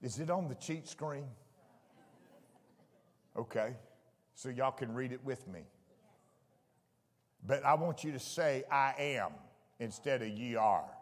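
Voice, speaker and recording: A man preaching a fervent sermon to his church, shouting out exclamations. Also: medium pitch, takes it slowly, pauses often. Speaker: pastor. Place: church sanctuary. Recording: echoey church hall with congregation.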